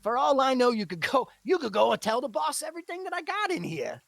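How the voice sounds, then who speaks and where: A man's voice: very high voice, big pitch swings, fast talker, creaky, a bit bright, no echo, pitched above the performer's own voice, heavily acted. A man playing a shady, greedy shopkeeper who talks in a wheedling, stammering way. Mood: persuasive. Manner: wheedling, stammering, full of fillers.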